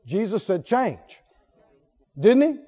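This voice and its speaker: A man's voice: high-pitched, big pitch swings, takes it slowly, dark tone, long reverb tail. A man preaching a sermon, emphatic and laughing often as he asks the congregation questions. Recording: dull lo-fi recording.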